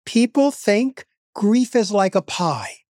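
A man's voice: high voice, expressive, takes it slowly, darkish tone, dry recording, studio quality. A man speaking as a grief expert in an interview, telling stories in an earnest, emphatic way. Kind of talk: interview conversation.

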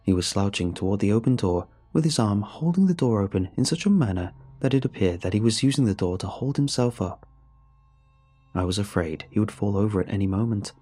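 A man reading a scripted horror story in a measured, somber way. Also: on the low side, lively intonation, warm tone, husky. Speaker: narrator. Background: faint music.

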